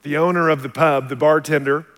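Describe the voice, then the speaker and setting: A man preaching a sermon as a pastor, telling stories with animated swings from quiet, low passages to loud shouted peaks. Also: fairly quick. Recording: long hall reverb.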